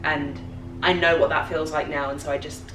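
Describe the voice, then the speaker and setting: Young woman, low voice, reflective chat. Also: flat delivery, normal speed. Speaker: co-host. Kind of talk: casual morning chat. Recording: roomy, distant mic, faint hiss.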